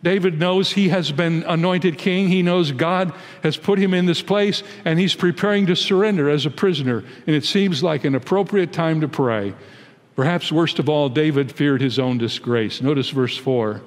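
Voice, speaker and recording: An American man in his eighties, a pastor giving an emphatic, deliberate sermon in a large church. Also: a little high, long reverb tail. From United States. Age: 80s. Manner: emphatic, deliberate preaching that rises into pleading when quoting prayers.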